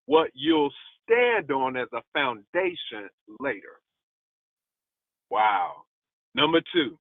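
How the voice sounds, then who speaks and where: This man delivers an emphatic, testifying devotional message as a preacher, repeating his key lines for emphasis. His medium-pitched voice is very animated but measured in pace. The audio is dry with no room sound, tinny and phone-like.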